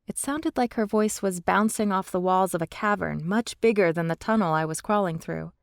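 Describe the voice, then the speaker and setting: A woman narrating a fantasy audiobook in the first person, steady and measured, on a close studio mic. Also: mid-range voice, gravelly, no echo.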